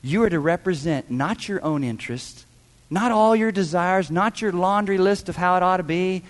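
A man's voice: high-pitched, moderate pace, big-room sound. A man preaching a sermon as pastor, emphatic, asking rhetorical questions and mimicking voices.

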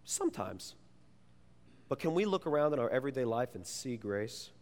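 A man, a youth pastor, preaching a sermon and telling stories in an animated, playful way. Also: mid-range voice, moderate pace. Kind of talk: sermon with personal storytelling. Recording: long reverb of a large hall.

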